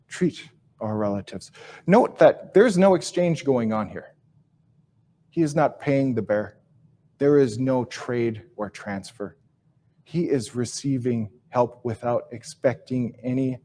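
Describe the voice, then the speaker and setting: Reflective man teaching in slow phrases. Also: mid-range voice. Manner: slow, reflective delivery with soft, trailing phrase endings; repeats and restarts phrases while searching for words. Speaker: Ojibwe language teacher and speaker. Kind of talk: live teaching talk with storytelling.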